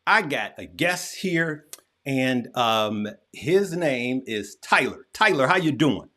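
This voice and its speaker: A man hosting a live investing show, talking to his viewers in an energetic, folksy way and repeating phrases for emphasis. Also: mid-range voice, takes it slowly. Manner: energetic, folksy, speaks straight to viewers as "y'all" and "good people". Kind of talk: hyped-up live stream chat.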